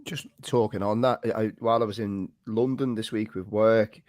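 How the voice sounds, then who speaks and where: A man's voice: fairly low pitch, steady tone, normal speed, a little mellow, no room sound, clean studio sound. A man in his late thirties hosting a casual podcast chat, talking freely and reading out viewer comments. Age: 30s. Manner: chatty, reads out viewer comments. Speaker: podcast host.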